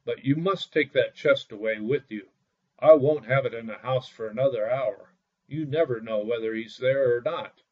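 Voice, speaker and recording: A man's voice: medium pitch, moderate pace, breathy edge, distant mic, natural voice. A man voicing a gullible, eager male farmer in a fairy tale, talking in a pleading way, on a dull lo-fi recording. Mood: insistent.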